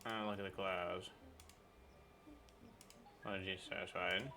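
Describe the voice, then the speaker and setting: A man's voice: low-pitched, level tone, measured pace, pushed and bright. A man casually commentating a card game he is playing, thinking aloud and reading the game text as he goes. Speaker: gaming channel host. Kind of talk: casual let's-play commentary.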